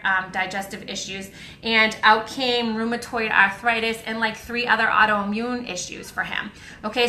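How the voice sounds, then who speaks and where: A woman with a Boston accent chats upbeat through a live stream, answering viewer comments. Her voice is strikingly bright and somewhat high. The room gives it a noticeable echo, and she fills her pauses with ums. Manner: chatty and upbeat, frequent ums. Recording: roomy echo.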